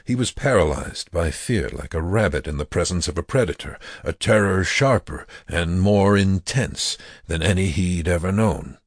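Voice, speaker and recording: A man narrating a dark story as an audiobook, in a measured, grave manner. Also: deep voice, expressive, slightly rough, no echo, studio quality.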